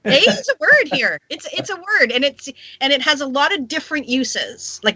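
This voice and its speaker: Bright playful Canadian woman co-host. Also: high-pitched, big pitch swings, normal speed, dry recording. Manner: playful, joking. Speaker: podcast co-host. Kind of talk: casual chat.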